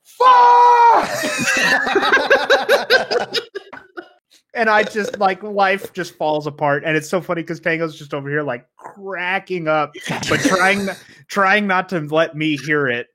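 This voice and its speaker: A young man co-hosting a casual gaming chat, telling stories with animated energy and frequent laughter. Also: on the high side, unhurried, slight background noise. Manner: animated storyteller, laughs often.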